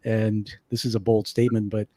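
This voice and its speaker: A man hosting a radio interview show, speaking in measured, reflective statements. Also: lowish voice, flat delivery, dark tone. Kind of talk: interview conversation.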